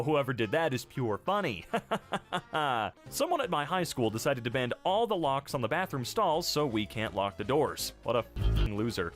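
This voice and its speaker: A man's voice: medium pitch, a bit bright. A man hosting a video, reading online posts aloud and reacting with wry, joking asides. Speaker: host.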